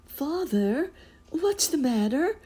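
A woman voicing a sweet little princess girl in a storybook, speaking in a high childlike voice. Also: sing-song, slow, warm tone, heavily acted. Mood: alarmed.

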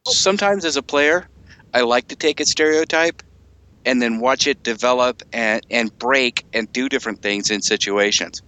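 A man's voice: medium pitch, normal speed, pushed and bright, dry recording. A man co-hosting a casual chat about a tabletop roleplaying game, joking and breaking into silly voices.

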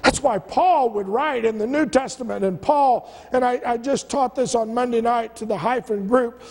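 A man's voice: extremely high pitch, normal speed, darkish tone. A male pastor preaching a sermon, stacking rhetorical questions and stumbling over restarts. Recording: long church-hall reverb.

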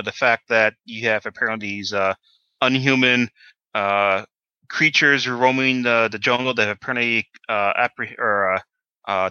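A man narrating as game master, pausing often with ums as he describes the scene. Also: fairly low pitch, pushed and bright, clean tone, no echo, highs cut off. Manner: hesitant, many ums and restarts.

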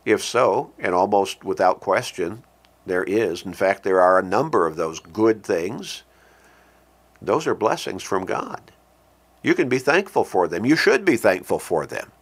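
A man's voice: on the low side, very animated. Earnest male preacher. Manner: slows and lifts his voice when quoting scripture; earnest, repeats key phrases for emphasis. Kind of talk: sermon.

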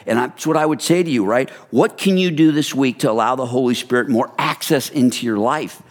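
A man preaching a sermon in a conversational, animated storytelling manner, often speaking directly to the congregation. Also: mid-range voice, fairly quick, few pauses. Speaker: pastor. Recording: long hall reverb.

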